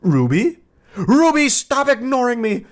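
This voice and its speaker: Man doing obsessed young man, whiny, high-pitched, shouting. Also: brisk, close to an everyday voice. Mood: furious pleading. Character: obsessed young man pleading, then raging.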